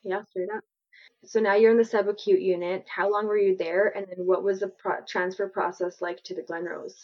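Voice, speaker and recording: A woman interviewer at a mid pitch asks curious follow-up questions in a warm, engaged manner. Her voice comes through dull and muffled, with the top end of the sound cut off. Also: flat delivery, normal speed. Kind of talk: conversational interview.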